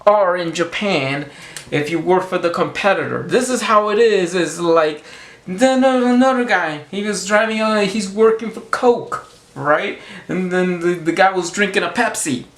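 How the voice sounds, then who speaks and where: A man with a fairly high voice rambles through a comic monologue, stopping and restarting his thoughts constantly. The recording rings with the echo of a bare room. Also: fairly bright tone. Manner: halting, rambling with many restarts. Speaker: vlogger.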